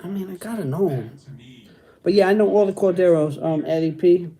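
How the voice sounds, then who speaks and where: A man's voice: sits high, a little fast, warm tone. A middle-aged man chatting casually on a livestream, using street slang and repeating phrases. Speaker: host reading live chat.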